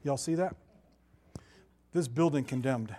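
A middle-aged man preaching a sermon in a conversational, animated way, with asides and laughter. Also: medium pitch, unhurried.

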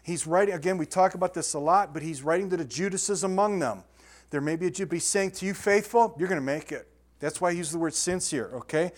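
Male pastor, slightly high voice, chatty sermon style that builds to emphatic readings. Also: a little fast. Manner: conversational, repeats words and restarts, builds to emphatic scripture reading.

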